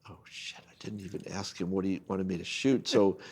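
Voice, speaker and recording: A man's voice: deep voice, a little fast, husky. An older man, a guest photojournalist, telling a long personal anecdote in casual conversation and acting out the people in it. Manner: animated anecdote-telling, acts out quoted people.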